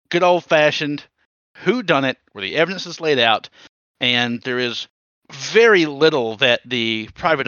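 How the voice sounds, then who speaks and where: A man co-hosting a gaming podcast in casual chat, animated and rambling, laughing often. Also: medium pitch, no echo, muffled recording. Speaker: podcast co-host.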